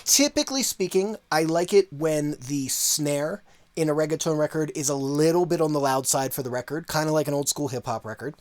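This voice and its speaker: A man teaching audio mixing in a relaxed, conversational way, full of casual fillers. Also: a little high, brisk, slight background noise. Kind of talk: casual tutorial walkthrough.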